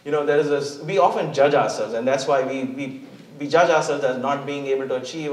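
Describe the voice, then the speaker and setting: A man's voice: medium pitch, a little fast, hardly any pauses, slight background noise. A man giving an earnest, emphatic inspirational talk from a church stage, often repeating words. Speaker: guest speaker. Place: church hall. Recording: echoey hall, mic at a distance.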